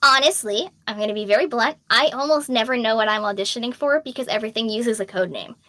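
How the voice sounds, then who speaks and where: A woman's voice: fairly high pitch, fast, sharp tone, dry recording. A young adult woman voice actor with a slight Boston accent, candidly answering fan questions in a casual chat full of ums and laughs. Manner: chatty and candid, reads questions aloud, frequent ums and laughs. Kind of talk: casual Q&A stream.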